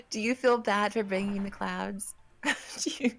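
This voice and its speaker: A woman's voice: mid-range voice, a bit bright, slight background noise. A woman co-hosting an astronomy livestream, chatting casually and teasing with frequent giggles over an online call. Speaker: co-host. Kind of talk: casual live-stream chat.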